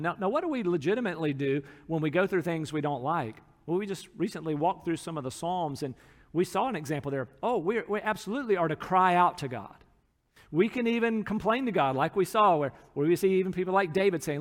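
High-voiced preacher in a reverberant hall. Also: male voice, animated, fairly quick, fairly bright tone. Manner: earnest preaching with acted-out quotes. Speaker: pastor. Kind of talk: sermon.

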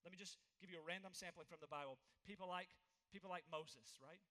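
A man preaching a sermon as pastor, earnest, rising to emphatic points and dropping to hushed tones, in a church hall. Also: high-pitched, fairly quick.

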